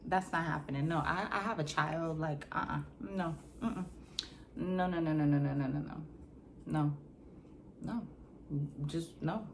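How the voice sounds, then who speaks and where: A woman vlogger telling a story in a casual, slangy, animated way, acting out scenes with sound effects. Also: deep voice, a little slow, gravelly, long pauses, a little hiss or hum.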